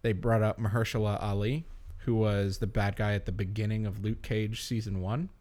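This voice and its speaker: A man co-hosting a casual podcast chat, rambling and animated, laughing often. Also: fairly low pitch, moderate pace. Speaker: podcast co-host.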